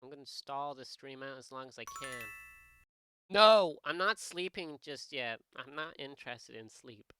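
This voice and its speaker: A man's voice: medium pitch, expressive, unhurried, bright, forceful tone, soft background music. A young man chatting on his live art stream, rambling and joking with lots of swearing and false starts. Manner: rambling, profane, joking, many restarts. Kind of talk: casual live-stream chat.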